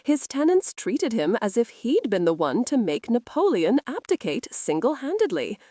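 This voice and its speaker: A woman reading a romance audiobook in an expressive, scripted narration. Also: on the high side, normal speed, no room sound, studio quality.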